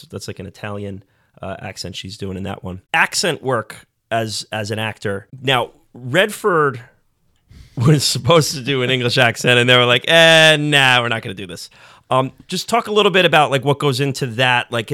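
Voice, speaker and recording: A man's voice: medium pitch, sharp tone, dry recording, studio quality. A man hosting a film podcast, asking long, rambling questions with false starts. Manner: asks rambling questions with restarts. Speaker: podcast host. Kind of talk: casual film chat.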